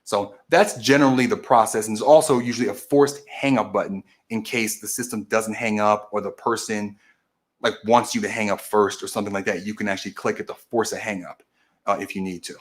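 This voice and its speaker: A man's voice: fairly low pitch, fairly even intonation, fairly quick. A man hosting a political stream, casually walking through a process step by step, often restarting and correcting himself mid-sentence. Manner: explains methodically, with frequent restarts and self-corrections. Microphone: camera video recording.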